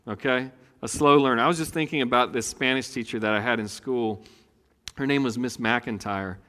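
A middle-aged man, preaching a conversational sermon after a quiet prayer. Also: mid-range voice. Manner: conversational, folksy, swings from hushed prayer to animated preaching. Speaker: pastor. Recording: long reverb in a hall.

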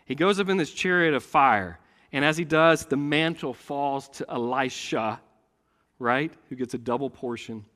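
A man preaching a sermon, telling a story with great animation and swinging between loud and hushed delivery. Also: medium pitch, moderate pace, long reverb tail.

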